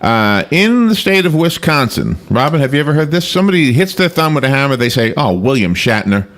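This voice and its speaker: A man's voice: fairly high pitch, very animated, fairly quick, a bit bright. A man hosting a casual morning radio show, reading out a list with playful laughter. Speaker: radio host.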